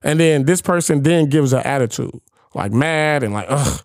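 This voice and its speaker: A young man hosting a podcast, telling a story in casual chat, animated and profane, firing rhetorical questions at his co-hosts. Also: a little high, normal speed, no echo, clean studio sound. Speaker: podcast host.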